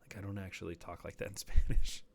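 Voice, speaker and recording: A man's voice: sits low, level tone, fast talker, vocal fry, a little mellow. A man streaming a hunting game, rambling casually and dropping to a near whisper while sneaking up on animals. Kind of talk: casual gameplay commentary.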